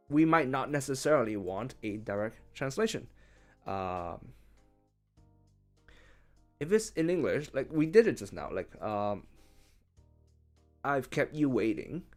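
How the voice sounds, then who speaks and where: A man working through a translation out loud in a casual, chatty way, thinking as he goes. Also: mid-range voice. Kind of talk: casual live-translation commentary.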